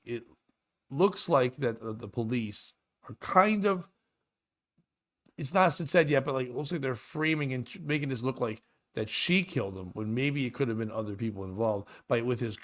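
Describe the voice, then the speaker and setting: A man's voice: mid-range voice, a bit bright. Male podcast host, 30s, casual and rambling, crude humor. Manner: rambling, jokey, swearing, often laughing. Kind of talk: casual comedy chat.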